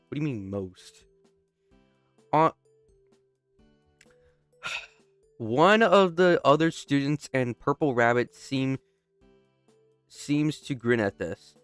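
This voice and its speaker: A young man reads through a game out loud, commenting casually as he plays. He often stops mid-line, restarts, and slips into quick joking asides. His voice is smooth and resonant, recorded dry on a close mic. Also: medium pitch, expressive, no echo, soft background music. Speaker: gamer. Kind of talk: casual playthrough commentary, reading game text aloud.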